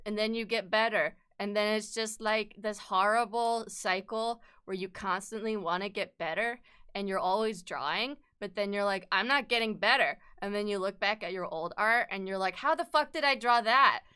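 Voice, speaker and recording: A woman's voice: medium pitch, steady tone, moderate pace, bright, forceful tone, clean tone. A woman streamer chatting casually and rambling while she draws, self-deprecating and swearing freely. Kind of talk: casual live-stream chat while drawing.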